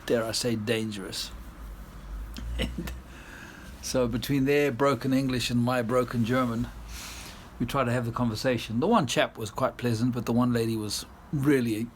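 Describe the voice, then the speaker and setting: This South African-born vlogger chats casually in his garden and yard, laughing a lot through a weary, meandering story. His mid-range voice holds a steady tone at normal speed, with slight background noise.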